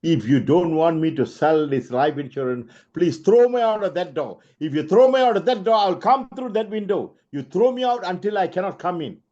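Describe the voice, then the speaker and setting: An eager young salesman who refuses to take no for an answer, acted out by a man. He pleads earnestly, his voice a touch high. The sound is dull and lo-fi. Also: expressive, moderate pace, few pauses, warm tone.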